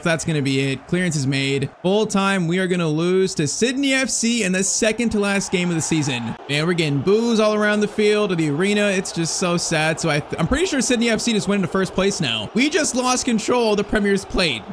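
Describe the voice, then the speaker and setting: Fast-talking young man commentating a game. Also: fairly high pitch, a little hiss or hum. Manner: excitable, frustrated running commentary with frequent "bro" and "man". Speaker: gaming YouTuber. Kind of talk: live gameplay commentary.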